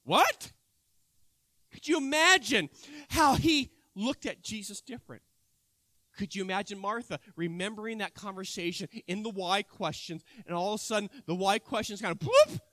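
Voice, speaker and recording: A man preaching a sermon, retelling a scripture story with animated storytelling and emphatic bursts. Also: high voice, moderate pace, dry recording, studio quality.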